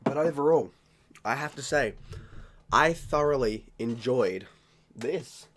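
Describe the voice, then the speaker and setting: An Australian man talking casually in a beer-tasting vlog, rambling, jokey and quick to mock himself. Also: mid-range voice, fairly bright tone. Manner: rambling, jokey and self-mocking. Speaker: vlogger.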